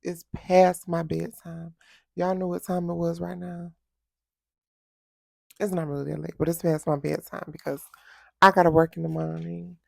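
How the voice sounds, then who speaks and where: A woman's voice: fairly low pitch, little pitch movement, moderate pace, vocal fry, pauses often, warm tone, no echo, clean studio sound. A woman hosting her own late-night vlog, chatting casually and bluntly to her viewers with a sassy, joking edge. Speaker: vlog host. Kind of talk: casual chat to camera.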